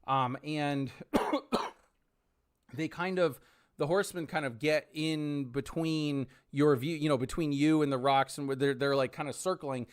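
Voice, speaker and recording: Clear-voiced man running a tabletop game. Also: on the high side, steady tone, unhurried. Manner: hesitant, full of ums and restarts. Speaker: game master.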